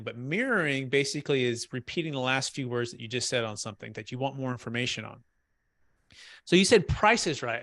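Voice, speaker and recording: A man coaching a trainee on a practice cold call, energetic and emphatic, checking in often with "right?". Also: on the high side. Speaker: sales trainer.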